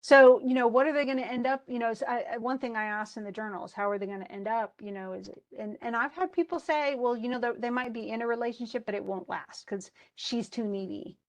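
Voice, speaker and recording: A woman's voice: on the high side, fast talker, few pauses. A woman college English instructor giving an informal lecture. She reads passages from a story aloud and comments on them in a chatty way, with many fillers and restarts.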